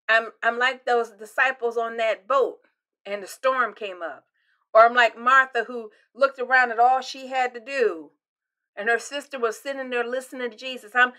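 An older woman pastor preaches devotionally in a fairly high-pitched voice. Her delivery is expressive, rising to loud emphasis and dropping to near-whispers.

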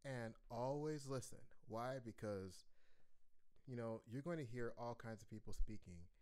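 A man teaching an online music lesson in a playful, animated way, chanting rhythms aloud. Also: medium pitch, unhurried, smooth.

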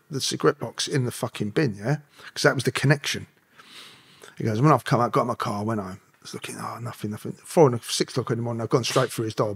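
Creaky and slightly rough, this middle-aged man's voice sits at a medium pitch. A former cop appearing as a podcast guest, he spins profane stories, cursing nonstop and performing the lines of the people involved.

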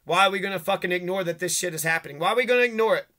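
A man's voice: high-pitched, racing, bright, forceful tone. A man ranting angrily to camera, swearing constantly and accusing people one after another. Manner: agitated, profane, accusatory. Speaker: vlogger. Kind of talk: angry rant to camera.

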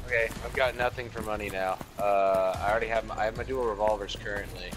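A man's voice: on the low side, fairly even intonation, fast, soft background music, poor audio. A man from Germany, a native German speaker, chatting casually and swearing while he plays a game. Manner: swears a lot, gets loud when frustrated. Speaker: gamer. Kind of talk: casual gameplay chat.

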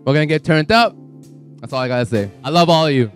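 A young man giving a halting, joking, emotional groom's speech into a handheld mic in a reception hall. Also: on the high side, lively intonation, clean tone, soft background music. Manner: halting, joking, chokes up, self-deprecating.

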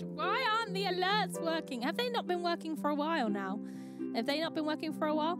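A woman's voice: sits high, lively intonation, a little fast, over loud music. A woman hosting a charity livestream, chatting bubbly and thanking viewers by name. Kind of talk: live-stream chat.

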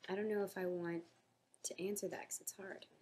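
A woman's voice: mid-range voice, level tone, a little fast, dark tone. A young woman hosting a casual live fan chat, reading out questions and answering them in an upbeat, chatty way.

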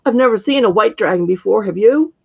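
A woman reading aloud, voicing a younger witch who is loud, chatty and gushing. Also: medium pitch, animated, fairly quick, gravelly, husky, highs cut off.

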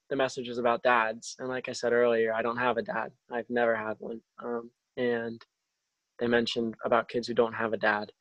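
A young man sharing a personal faith testimony over a video call, halting, with many restarts and fillers. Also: mid-range voice, no echo, poor audio. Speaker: testimony speaker.

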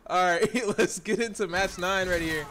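A young man giving excited, exclamatory fighting-game commentary, laughing often. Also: sits high, normal speed, a little hiss or hum.

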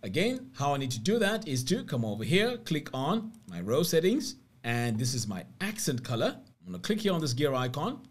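A man's voice: fairly high pitch, big pitch swings, normal speed, few pauses, husky. A man narrating a screen-recorded web design tutorial step by step, upbeat about what the features do.

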